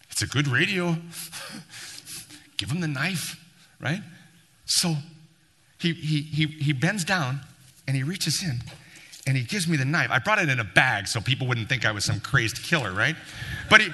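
A man tells a story to a church group, acting out the voices with a sarcastic edge. His voice is bright and forceful and swings widely in pitch. It rings with a long reverb, as in a large hall. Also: husky. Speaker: church member telling a story.

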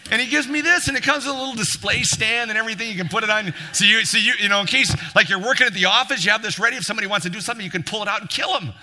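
A man telling a church group a lively story, a little sarcastic, acting out both sides of the dialogue. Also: high-pitched, rapid-fire, hardly any pauses. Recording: long hall reverb.

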